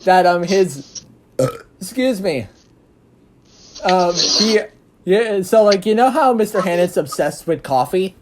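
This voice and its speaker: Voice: medium pitch, lively intonation, slow, long pauses. An interviewer hosting a casual chat about a fan production, rambling and restarting sentences. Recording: noisy background hiss.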